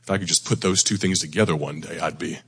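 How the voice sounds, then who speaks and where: A man preaching a sermon to a congregation, his voice hoarse and close to giving out, with a deep voice and a folksy, conversational manner. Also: fairly even intonation, fast talker, a bit bright, big-room sound. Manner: folksy, conversational, self-deprecating. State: hoarse, near losing his voice. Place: church sanctuary before a congregation.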